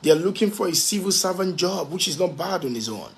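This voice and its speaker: This man's motivational talk is emphatic and forceful, his gravelly voice pitched slightly above the typical male range with lively intonation. Key phrases come back again and again, and at times he slows to spell out a word one letter at a time.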